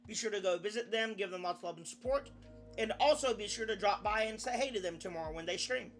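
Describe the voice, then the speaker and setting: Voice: medium pitch, quick pace, faint music behind. A young adult VTuber chatting casually on a live stream, rambling, often restarting sentences and swearing now and then.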